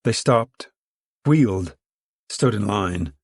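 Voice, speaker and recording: A man reading a novel aloud with even, plain storytelling narration. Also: fairly low pitch, takes it slowly, breathy edge, no echo, clean studio sound. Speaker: audiobook reader. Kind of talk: scripted narration.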